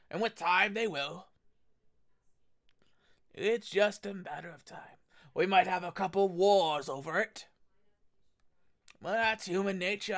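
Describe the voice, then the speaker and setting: A man's voice: high voice, a bit bright. A man playing in a tabletop game, talking in character in a rambling way, often restarting his sentences. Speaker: player.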